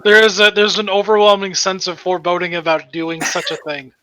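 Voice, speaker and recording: A man's voice: sits high, flat delivery, a little fast, bright, forceful tone, clean tone, rough recording. A man playing in a tabletop game, talking in a wry, matter-of-fact way. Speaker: player. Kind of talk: casual tabletop game chat.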